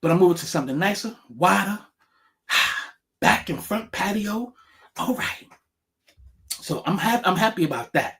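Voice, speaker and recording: A man ranting casually to camera in a rambling, profane, animated way, with many restarts. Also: sits high, unhurried, long pauses.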